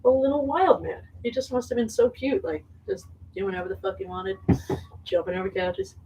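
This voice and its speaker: A woman's voice: a little high, animated, fairly quick, creaky. Rambling woman telling a story, off-mic. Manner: rambling, lots of fillers, swears freely, laughs often. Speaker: singer talking to an audience. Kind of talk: casual anecdote to a live audience. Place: indoor venue with small audience. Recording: distant mic with faint noise.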